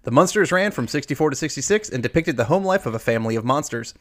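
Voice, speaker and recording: A man hosting a trivia game, reading questions aloud and drawing out the verdicts. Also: medium pitch. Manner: lively, drawn-out emphasis on answers. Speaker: quiz host.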